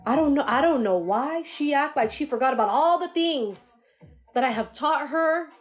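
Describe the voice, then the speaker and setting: A woman's voice: high voice, expressive, normal speed, soft background music. A woman voicing an older grandfather's spirit, talking in a blunt, fatherly way. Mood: fond. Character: blunt, joking, protective old grandfather spirit.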